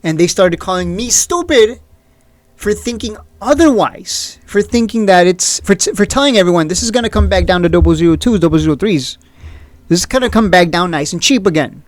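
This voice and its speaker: A man hosting his own stock video in a casual, blunt and opinionated way, sarcastic and quick to laugh at his critics. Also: sits high, animated, no room sound. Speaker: stock market video host. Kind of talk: casual trading commentary.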